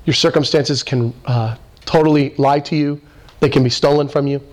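A man delivering a lively sermon, his voice sitting high and leaping higher when he presses a point. He slips into quoted voices and back, keeping the preaching animated throughout. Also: normal speed. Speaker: pastor.

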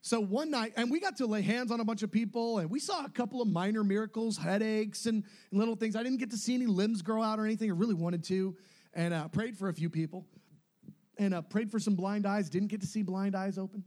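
Middle-aged male preacher, high voice, lively storyteller who plays out the quotes. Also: fast talker. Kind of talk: sermon storytelling.

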